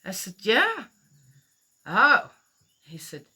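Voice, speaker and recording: A woman's voice: lowish voice, expressive, a little slow, pushed and bright. A middle-aged woman telling a personal story in a rambling, chatty way, full of fillers and acted-out quotes. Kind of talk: casual spoken storytelling.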